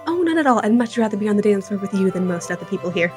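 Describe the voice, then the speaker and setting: A woman's voice: mid-range voice, lively intonation, rapid-fire, darkish tone, soft background music, natural voice. A woman playing a polite, spirited young debutante with prim, proper phrasing.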